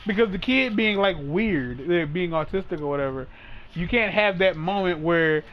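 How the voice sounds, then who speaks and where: A man hosting a casual podcast chat, telling a long story in a rambling, animated way, full of "like" and restarts. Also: high voice, normal speed, a little hiss or hum, poor audio. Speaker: host.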